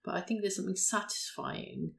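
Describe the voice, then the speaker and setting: A woman's voice: mid-range voice, lively intonation, a little fast, gravelly, a bit bright. A woman, co-hosting a casual podcast chat and explaining a routine step by step. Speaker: podcast co-host.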